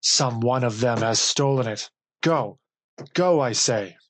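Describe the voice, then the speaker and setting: A man voicing a furious, mighty male thunder god who shouts commands in rage. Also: mid-range voice, takes it slowly, no echo. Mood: raging.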